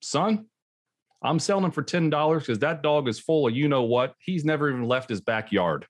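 A man's voice: a little high, lively intonation, normal speed. A man voicing a blunt old man who is selling a dog, delivering a dry punchline.

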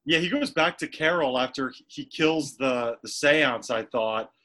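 A man's voice: medium pitch, measured pace, bright, forceful tone. A man on a casual film podcast, chiming in with wry remarks.

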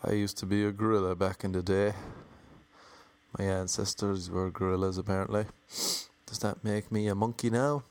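An Irish man with a fairly low voice tells a rambling, comic story from his travels, loose and jokey in tone. He keeps it casual and chatty, popping into quick mock voices along the way. The sound is dry and close, with no room in it. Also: level tone, dry recording. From Ireland.

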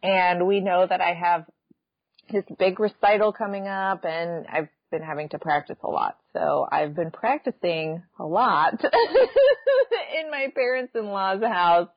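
A woman co-hosting a podcast in casual chat, quick with remarks and laughing easily. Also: lowish voice, no room sound, highs cut off. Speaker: podcast co-host and musician.

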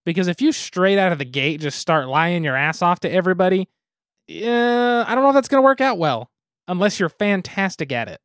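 A man's voice: high voice, expressive, brisk, a bit bright, no echo, studio quality. A man hosting a casual podcast, easygoing and methodical as he reviews. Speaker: podcast host. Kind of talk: casual podcast chat, beer and game review.

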